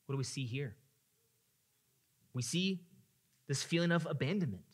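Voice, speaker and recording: A man's voice: medium pitch, expressive, moderate pace. Earnest male pastor preaching. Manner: earnest, rises to impassioned pleading in voiced prayers. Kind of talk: sermon.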